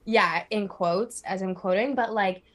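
A woman's voice: medium pitch, unhurried. A woman in her twenties, a podcast guest, talking in a rambling casual way with many fillers. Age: 20s. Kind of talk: casual chat.

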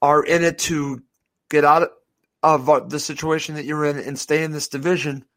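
Slightly high-voiced man hosting football chat. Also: fairly even intonation, moderate pace, a bit bright. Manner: asks questions, brief agreements. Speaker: podcast host. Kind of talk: casual chat.

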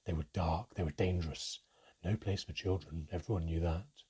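A man narrates a fantasy storybook in first person, reading at a steady, measured pace. His voice is low and very husky and breathy, and his tone is dark and mellow. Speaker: audiobook narrator.

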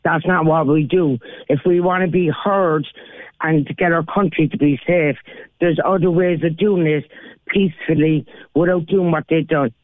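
A woman's voice: sits low, steady tone, normal speed, no room sound. Indignant Irish woman on a tinny phone line. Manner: indignant, casual with many "like"s. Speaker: caller. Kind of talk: phone-in call. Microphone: telephone.

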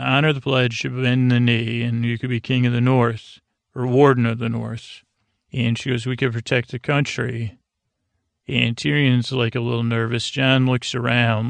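A man's voice: mid-range voice, creaky, a bit bright, dry recording. A man hosting a podcast, casually recapping a TV episode in a rambling way, full of fillers and restarts. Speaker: podcast host.

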